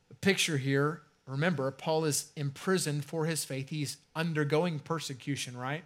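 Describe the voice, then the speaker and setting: A man preaching a sermon as a pastor in a conversational way, slowing right down to stress key phrases and trailing off softly at the ends. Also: a little high, steady tone.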